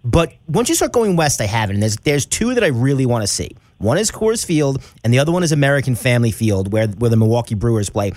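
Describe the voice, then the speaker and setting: A man's voice: mid-range voice, lively intonation, fast talker, few pauses, a little mellow, dry recording. A man hosting a radio sports segment, chatting casually with a guest. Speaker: radio show host.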